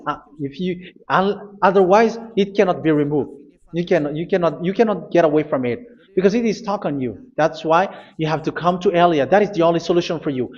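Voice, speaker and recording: Male preacher, high-ish voice, forceful repeated commands, dull lo-fi audio. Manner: emphatic, repetitive commands with hesitations. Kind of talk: sermon.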